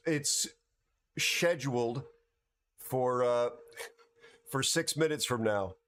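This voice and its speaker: A man hosts a livestream, worn out from a night without sleep. He talks casually to his viewers at a middling pitch, halting and restarting, repeating words as he goes. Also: fairly bright tone. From United States. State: tired from no sleep. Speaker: livestream host.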